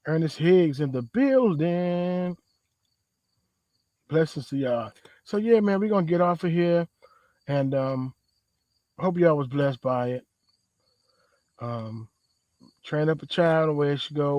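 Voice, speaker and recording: A man's voice: mid-range voice, darkish tone, no echo. A man hosting a podcast, giving a loose, conversational faith talk outdoors in a backyard, full of slang and repeated phrases. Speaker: podcast host.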